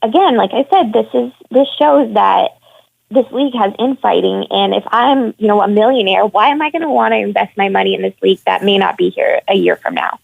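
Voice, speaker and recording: A woman's voice: mid-range voice, fairly quick, vocal fry, dry recording. Frustrated woman calling in on a tinny phone line. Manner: frank, frustrated and opinionated. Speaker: caller, women's hockey reporter. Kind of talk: phone-in discussion.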